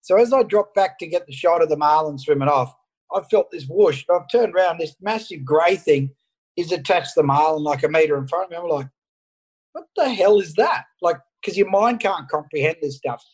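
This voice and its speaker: An Australian man, a fishing photographer, telling an animated story over an internet call and acting out the dialogue. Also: a little high, fairly quick, rough recording. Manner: animated anecdote, acts out dialogue. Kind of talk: casual storytelling.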